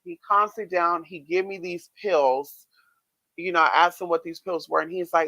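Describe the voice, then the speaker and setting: A man vlogging, casually telling his viewers a story in a chatty, expressive way with frequent swearing. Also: high-pitched, normal speed, no echo. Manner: chatty, expressive, swears freely, many fillers.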